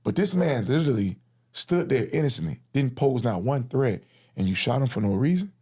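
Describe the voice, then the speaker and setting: A man's voice: mid-range voice, very animated, a little fast, darkish tone, slightly rough. A man casually recounting a personal story in an interview, in slangy talk and acting out the quoted lines. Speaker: interview guest.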